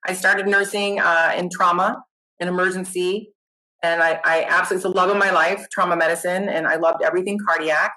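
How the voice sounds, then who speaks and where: A middle-aged woman, a nurse guest, chatting casually in an interview, animated and self-deprecating. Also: on the low side, a little fast, low-quality recording.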